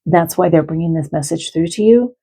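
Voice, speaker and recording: A middle-aged woman giving a gentle, heartfelt spiritual card reading as an animal communicator, speaking directly to her viewers. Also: deep voice, a little fast, slightly rough, rough recording.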